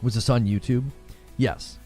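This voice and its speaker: A man's voice: medium pitch, steady tone, measured pace, mellow, soft background music. A man hosting a livestream, chatting casually and joking with his chat, laughing often and reading comments aloud. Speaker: livestream host.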